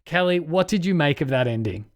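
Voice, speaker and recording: A man's voice: on the high side, brisk. A man co-hosting a podcast, recapping a film's plot and gushing about its scenes in casual chat. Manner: excitable, narrates plot then gushes. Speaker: podcast co-host.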